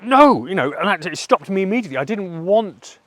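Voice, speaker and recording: Candid, halting middle-aged man. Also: sits high, animated, fairly bright tone, no echo. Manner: halting, candid and self-reflective. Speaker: vlogger. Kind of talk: personal reflective monologue.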